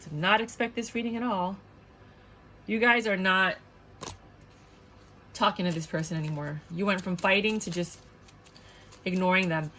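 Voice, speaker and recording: A woman's voice: mid-range voice, moderate pace, long pauses, bright, forceful tone, a little hiss or hum. A woman giving a casual tarot reading to viewers, blunt and outspoken, swearing often and repeating her points with indignant emphasis. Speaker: tarot reader.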